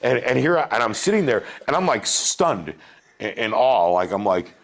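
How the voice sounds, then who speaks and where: A man telling family stories in a casual chat, animated, acting out his kids' lines and often calling the listener "bro.". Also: mid-range voice, moderate pace, vocal fry. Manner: animated, swears, says "bro" a lot. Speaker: podcast guest. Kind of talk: casual storytelling.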